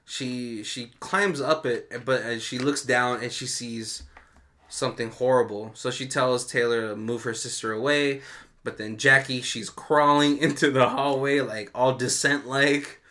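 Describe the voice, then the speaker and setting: Bright-voiced man recapping a movie. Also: medium pitch, measured pace. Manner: animated storytelling with frequent laughs. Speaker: podcast co-host. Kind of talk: casual movie commentary chat.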